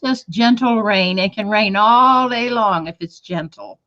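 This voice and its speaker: A woman co-hosting a live online show, chatting in a relaxed way. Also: medium pitch, measured pace. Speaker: co-host. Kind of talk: casual live show chat. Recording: dull lo-fi web stream audio.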